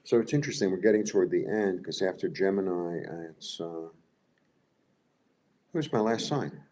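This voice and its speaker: A man with a very low voice reads tarot cards live and thinks aloud as he goes, pausing and searching for words. A faint hiss of noise sits under his voice. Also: mellow. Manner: musing, thinking aloud with pauses. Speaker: tarot reader.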